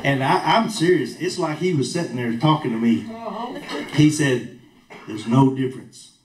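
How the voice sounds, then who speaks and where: A man's voice: mid-range voice, moderate pace. Man, folksy preacher, roomy echo, distant mic. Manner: folksy storytelling, plain-spoken. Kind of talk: sermon with personal story. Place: church hall.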